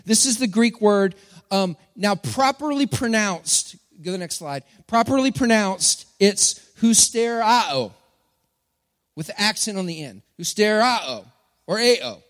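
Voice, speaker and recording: Preacher with a high voice. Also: male voice, lively intonation, moderate pace, fairly bright tone. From Texas. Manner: playful, joking with the congregation. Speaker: pastor. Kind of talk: sermon. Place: church hall. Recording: long hall reverb.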